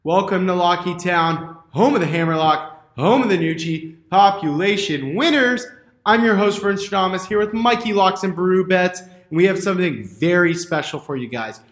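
A man's voice: high voice, lively intonation, moderate pace, roomy sound. A man hosting a podcast in casual banter, upbeat and teasing his co-hosts. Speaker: podcast host.

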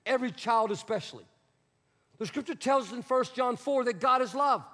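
A man's voice: extremely high pitch, a little fast, a bit bright. A man pastor preaching a sermon in a church sanctuary, conversational and emphatic, repeating his key phrases. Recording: long hall reverb.

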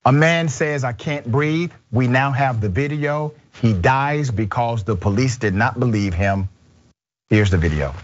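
A man hosting a political commentary show with an emphatic, measured delivery. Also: medium pitch. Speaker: show host. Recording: dull, lo-fi sound.

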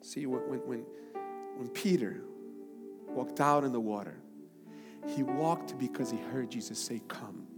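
A man's voice: mid-range voice, a little slow, long pauses. Preaching man in a big reverberant hall. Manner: preaching with big swings from shouting to hushed. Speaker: pastor. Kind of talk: sermon. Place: church sanctuary. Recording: large hall with long reverb and music.

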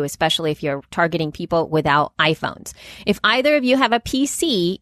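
A woman's voice: lowish voice, a bit bright, dry recording, clean studio sound. Chatty woman podcast co-host. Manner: chatty, rambling with restarts and laughs. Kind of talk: casual chat, reading listener messages.

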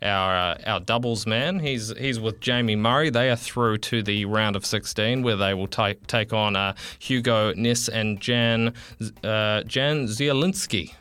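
A man's voice: fairly low pitch, a little slow, a bit bright, clear, resonant tone. A man giving a radio sports update, hesitant, with many fillers and restarts. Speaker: sports reporter.

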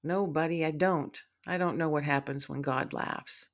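A woman voicing a tender grieving mother who speaks softly and gently in a storybook. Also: sits low, steady tone, moderate pace. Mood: moved. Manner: soft, gentle.

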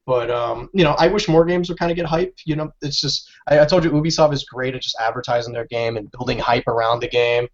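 A man's voice: mid-range voice, quick pace, hardly any pauses. A man co-hosting a casual gaming podcast, ranting and swearing freely. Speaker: podcast co-host. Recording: dull lo-fi audio.

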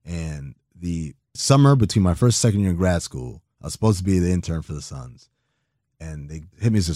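A man in his thirties telling a long story in a casual, animated way, acting out the people he quotes and swearing now and then. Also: deep voice, a little fast, dry recording, clean studio sound. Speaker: guest.

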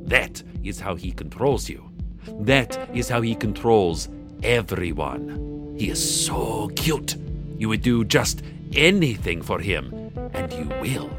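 A man voicing an ominous female ghost who speaks slowly and gravely. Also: lowish voice, big pitch swings, pitched above the performer's own voice. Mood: sinister. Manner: slow, portentous delivery. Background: music.

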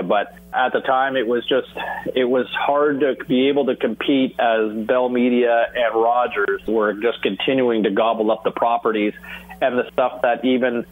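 Middle-aged man on a tinny line. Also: medium pitch. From Canada. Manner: animated, acts out phone dialogue. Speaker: sports broadcaster guest. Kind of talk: casual interview storytelling. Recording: tinny phone-like audio.

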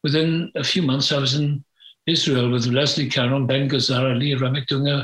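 Older guy rambling through old stories, frank and full of ums, bright tense voice, echoey room. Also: mid-range voice, fairly even intonation, brisk. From Britain. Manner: rambling, frank, hesitant with many fillers. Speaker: guest. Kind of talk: reminiscing interview. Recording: roomy echo.

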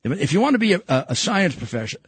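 A man's voice: sits high, big pitch swings, rapid-fire, husky, dry recording. An older man with a New York accent hosting a podcast, rambling and joking with lots of fillers and restarts. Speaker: podcast host. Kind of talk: casual political talk show chat.

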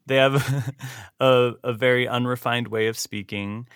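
Bright, lively male podcast host, dry close-mic sound. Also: measured pace, clean tone, no room sound. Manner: animated, laughs often, big pitch jumps. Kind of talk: casual podcast chat.

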